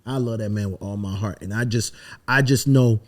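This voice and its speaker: A man from the Virgin Islands, a songwriter telling animated, emphatic stories and swearing freely in a casual podcast interview. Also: on the low side, a little fast. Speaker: songwriter guest.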